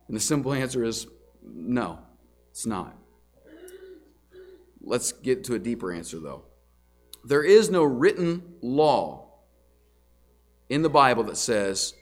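A man preaching a sermon as a pastor, earnest and conversational, asking rhetorical questions and often restarting words. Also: medium pitch. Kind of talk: sermon teaching.

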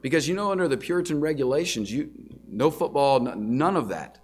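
A man's voice: mid-range voice, animated, fairly quick, a little mellow, slightly rough. A man preaching a sermon as a pastor, earnest and conversational, asking rhetorical questions and often restarting words. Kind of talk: sermon teaching.

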